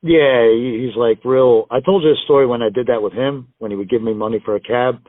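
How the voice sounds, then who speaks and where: A man's voice: mid-range voice, steady tone, fairly quick, dry recording. A man guesting on a wrestling show, telling rambling, profane road stories and acting out other people's lines. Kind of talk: casual storytelling interview. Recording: tinny phone-line call audio, dry.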